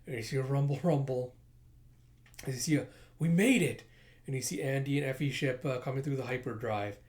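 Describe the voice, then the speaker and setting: A man's voice: medium pitch, steady tone, fast, darkish tone. A man casually reading a comic aloud and commenting, swearing a lot and adding mouth sound effects. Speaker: comic reader and reviewer. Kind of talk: casual comic book readthrough.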